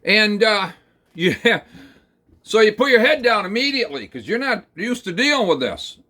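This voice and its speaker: A man telling a rambling, folksy second-person story, talking slowly through it with plenty of hesitations and fillers. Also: sits high, sing-song, bright, forceful tone. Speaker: channel host.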